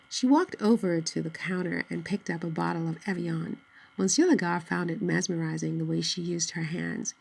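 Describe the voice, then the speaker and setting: Low gravelly woman narrating a novel. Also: fairly even intonation, normal speed, darkish tone, rough recording. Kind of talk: scripted audiobook narration.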